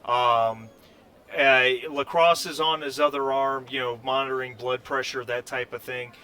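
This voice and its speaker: A man running a tabletop game as game master, narrating haltingly with many restarts. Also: mid-range voice, steady tone, pushed and bright, smooth. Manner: halting, full of fillers and restarts.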